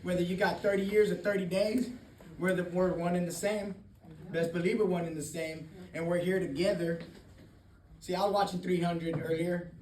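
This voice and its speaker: A man with a high voice gives a blunt, candid talk at a recovery meeting, swearing freely and laughing often. He is recorded from a distance in an echoey room, with faint noise behind him. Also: fairly even intonation, normal speed, a little mellow. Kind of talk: personal testimony talk.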